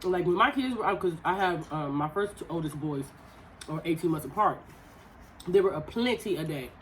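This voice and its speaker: A woman's voice: deep voice, expressive, normal speed, a little hiss or hum, rough recording. A woman in her thirties co-hosting a podcast, talking casually and animatedly over a meal, laughing often. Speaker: podcast co-host.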